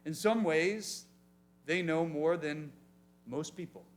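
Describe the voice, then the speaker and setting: Man preaching to a teen group, animated, voice a bit high, asks questions. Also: slow. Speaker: youth pastor. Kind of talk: sermon. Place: church youth meeting room.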